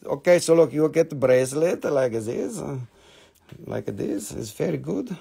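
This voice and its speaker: Man, live sales stream at home, fast joking patter, creaky voice, a bit high-pitched. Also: animated, warm tone. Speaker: live-stream seller of rocks and jewelry.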